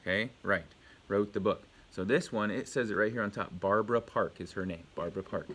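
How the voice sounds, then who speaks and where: Teacher guy doing a lesson vid from home, bright voice, patient, lots of good job. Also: lowish voice, brisk, slightly rough. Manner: patient, encouraging, asks quiz questions and praises answers. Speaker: elementary school teacher. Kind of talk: home video lesson for young pupils.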